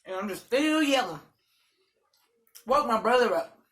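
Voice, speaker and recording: Animated, high-voiced woman telling a story. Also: measured pace. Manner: animated, loud, dramatic. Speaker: vlogger. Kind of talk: casual storytelling.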